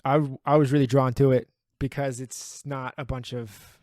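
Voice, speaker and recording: A man from the American Midwest in easy, casual banter, his voice pitched right in the middle. He swings into brash, joking mock outrage and jabs at his co-host. The sound is dry and close, with no room around it. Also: level tone, normal speed, a little mellow, dry recording. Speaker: podcast co-host. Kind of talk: casual anime reaction chat.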